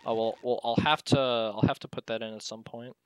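A man's voice: mid-range voice, fairly quick, clean tone. A young man commentating his own speedrun from a dorm room at night, keeping his voice down but often bursting out in disbelief, with lots of restarts and stammers. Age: young adult. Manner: excitable, disbelieving, talks in bursts with many restarts; keeps voice down to avoid waking sleepers. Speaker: speedrunner streamer. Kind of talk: casual live commentary while gaming.

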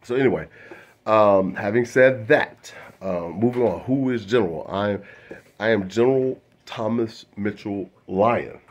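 A man's voice: lowish voice, a little slow. A man doing a loose stand-up monologue to camera, full of fillers, restarts and asides. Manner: loose, self-interrupting, many fillers and restarts. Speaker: comedian.

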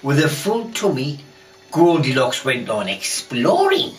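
A woman telling a children's bedtime story in a soft, lulling way, heard from a distance over soothing music. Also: extremely low pitch, very animated, a little slow.

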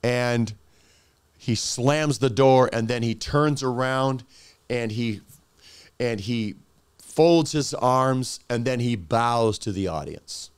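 Male pastor, animated sermon storytelling, smooth voice, dry close sound. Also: medium pitch, slow pace, dry recording.

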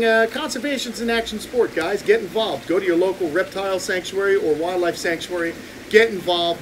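A man's voice: high-pitched, a little hiss or hum. A man hosting a casual live stream outdoors by a pond, joking around and reading viewer comments. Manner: upbeat, joking, reads viewer comments aloud. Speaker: reptile channel host.

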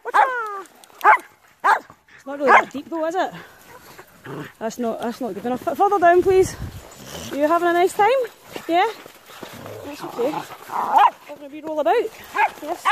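A woman's voice: extremely high pitch, expressive, moderate pace, long pauses, background noise. A woman vlogging as she walks a pack of dogs outdoors, chatting, teasing and calling out to them with frequent laughs. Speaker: professional dog walker. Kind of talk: casual vlog narration while walking dogs. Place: outdoors in snowy muddy countryside.

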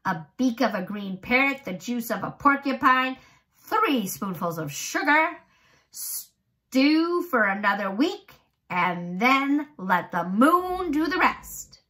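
A woman whispering as a creepy old man. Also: on the low side. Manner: hushed whisper, bursting into wild cries.

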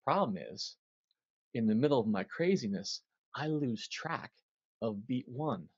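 A man's voice: mid-range voice, measured pace, husky, no echo. A man tells a stage story as an interview guest, acting out the other voices as he goes. His voice sits in the middle range. The sound is dry and a little dull. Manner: animated storyteller, acts out quotes.

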